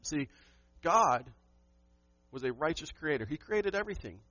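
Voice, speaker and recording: A pastor delivers a Sunday sermon with emphatic punches and rhetorical questions thrown to his congregation. His voice sits a touch high for a man. The sound is dry and slightly dull, with no room ring. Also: big pitch swings, measured pace, pushed and bright, dry recording.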